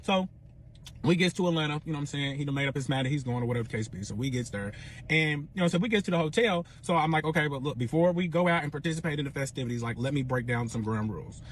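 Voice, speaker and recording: Talking fast in a fairly high voice, a young man swears his way through an animated retelling of a personal story, voicing the other people's dialogue himself. There's slight background noise.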